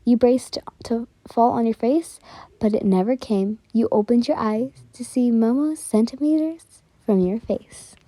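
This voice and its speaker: A young woman telling a whispered role-play story softly, giggly and easily flustered, close to the mic. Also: a little high, unhurried, no room sound.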